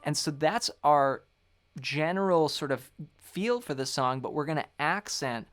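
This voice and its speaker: A man's voice: fairly high pitch, unhurried. A man teaching a guitar lesson, upbeat and explaining step by step while counting beats aloud.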